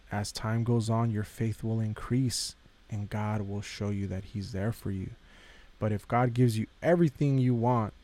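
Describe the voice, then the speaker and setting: A man with a lowish, dark-toned voice hosts a podcast, delivering a casual devotional talk. He speaks conversationally, repeats phrases, and addresses his listeners directly.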